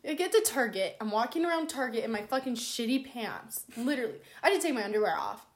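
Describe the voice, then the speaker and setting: High-voiced young woman, swearing freely. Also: fast talker. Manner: swears a lot, animated storytelling with acted-out quotes. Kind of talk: casual chat, storytelling.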